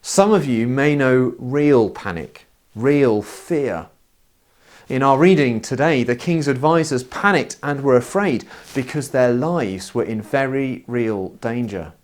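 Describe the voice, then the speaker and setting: A man preaching a sermon, telling stories in an expressive, wry manner. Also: mid-range voice, slow pace. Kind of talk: sermon with personal storytelling.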